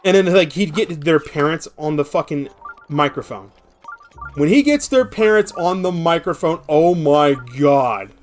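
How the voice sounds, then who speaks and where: A man's voice: fairly high pitch, a little slow. A young man chatting casually while he streams a game, telling rambling stories with plenty of swearing. His voice sits a little above the typical male range. Faint music plays underneath. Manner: rambling, profane, animated storytelling. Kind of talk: casual gameplay chat and storytelling.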